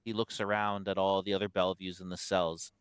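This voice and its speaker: A man's voice: low-pitched, level tone, fairly quick, smooth, no room sound. A man running a tabletop game as game master, narrating in a casual, loose way.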